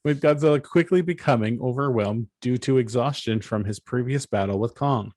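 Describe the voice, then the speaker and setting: A man co-hosting a casual podcast, relaxed, reading plot summaries aloud and adding dry jokes. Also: medium pitch, moderate pace, dry recording. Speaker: podcast co-host. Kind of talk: casual chat.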